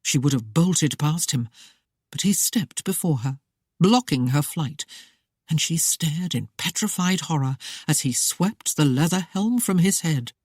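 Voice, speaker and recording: An audiobook narrator reading a historical romance in a steady, even storytelling manner. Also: medium pitch, measured pace, husky, no room sound, studio quality. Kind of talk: scripted narration.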